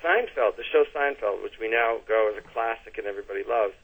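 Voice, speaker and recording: A man's voice: fairly low pitch, fast talker, slightly rough. Canadian man on a tinny phone line. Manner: chatty storyteller, restarts and fillers, laughs easily. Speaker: guest. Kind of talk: casual interview chat.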